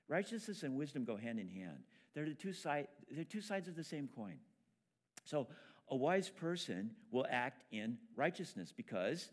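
A man preaching a sermon as pastor, talking in a conversational way with frequent restarts. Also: mid-range voice.

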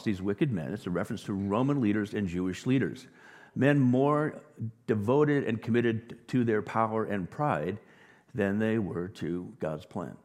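A male pastor delivering a sermon, with dynamic delivery that swings from near whispers to loud, emphatic peaks. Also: fairly low pitch, a little slow. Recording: long reverb of a large hall.

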